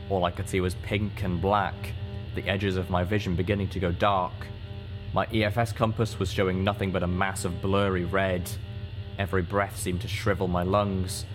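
Male audiobook narrator: deep, steady and measured, with faint guitar behind. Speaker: audiobook reader.

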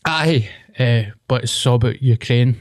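A man's voice: medium pitch, a little slow. A young Scottish man co-hosting a podcast, telling stories in casual chat with plenty of swearing. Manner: storytelling, sweary, laughing. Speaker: podcast co-host.

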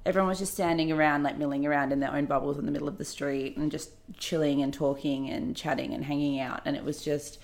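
A woman from Australia co-hosting a podcast, chatting casually and telling lively stories. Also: low voice, fast talker, hardly any pauses. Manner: animated storytelling, acts out quotes. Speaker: podcast co-host, journalist. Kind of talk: casual chat.

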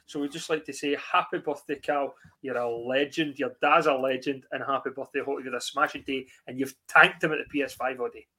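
A man hosting a casual football podcast, laughing often and talking in quick bursts. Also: mid-range voice, fairly even intonation, bright, forceful tone. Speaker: podcast host.

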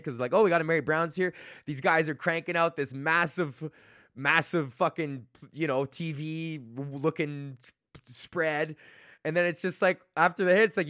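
A man's voice: mid-range voice, fairly bright tone, no room sound, clean studio sound. A man in his thirties from Canada hosting a casual solo podcast, rambling and swearing freely, poking fun at himself and laughing often. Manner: rambling, profane, self-mocking, laughs often. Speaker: podcast host and comedian.

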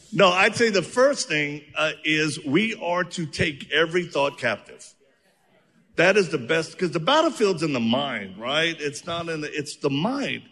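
Gravelly man telling stories in a hall. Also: on the high side. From outside the United States. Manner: animated storyteller, joking and earnest. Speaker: evangelist. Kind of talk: testimony-filled Q&A answers. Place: church auditorium on stage. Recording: long reverb of a large church hall.

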